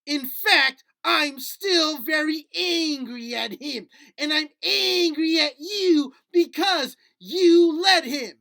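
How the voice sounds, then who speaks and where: A man's voice: very high voice, slow, gravelly, bright, forceful tone, voice pushed up, full character voice. A man voicing a small, fretful male puppet creature who holds a grudge, talking in a whiny, indignant sing-song. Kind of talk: puppet skit in a lesson.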